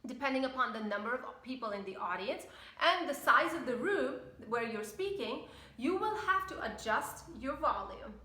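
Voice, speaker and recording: A woman's voice: high voice, lively intonation, moderate pace, bright, forceful tone. A woman coach giving an upbeat, emphatic lesson on public speaking. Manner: upbeat, emphatic teaching with demonstrations of pace. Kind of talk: online course lesson. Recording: echoey room.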